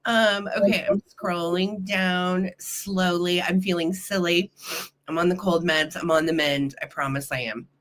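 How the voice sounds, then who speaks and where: A woman's voice: fairly low pitch, fairly even intonation, unhurried, a bit bright. A woman with a cold hosting a live sale stream, chatting casually and greeting viewers with playful nicknames. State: has a cold.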